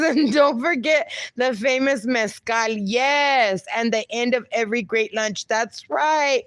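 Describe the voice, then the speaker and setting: A woman's voice: a little high, slow, hardly any pauses, a bit bright, no echo. A woman hosting a casual livestream, reading viewer comments aloud and teasing them with frequent laughter. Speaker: livestream host reading chat. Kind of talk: casual live chat.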